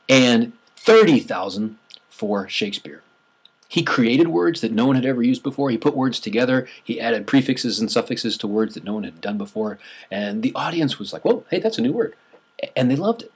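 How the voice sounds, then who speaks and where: A man's voice: on the low side, breathy edge. A man teaching a class in a conversational lecture, restarting phrases and stressing numbers.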